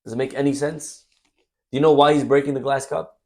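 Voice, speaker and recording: A man's voice: medium pitch, fairly quick. A man teaching as a rabbi, delivering a sermon full of acted-out stories and sudden bursts of energy. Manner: animated storytelling, acts out scenes. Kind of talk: Torah class sermon.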